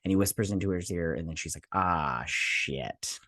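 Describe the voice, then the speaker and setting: A deep, dark-toned male voice races along with fairly even intonation in a studio-quality recording free of room sound. He hosts a TV review channel and casually reviews an episode, chatting directly to viewers with many fillers and self-corrections.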